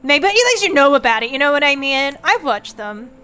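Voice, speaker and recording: A high-pitched young woman streams as a vtuber, speaking briskly. She rambles and swears a lot while telling animated stories in a casual chat.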